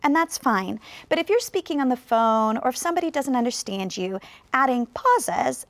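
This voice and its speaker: Woman esl teacher, high voice, talks slow n clear w/ lots of pauses, dry close mic. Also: lively intonation, no echo. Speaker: pronunciation teacher. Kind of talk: ESL video lesson.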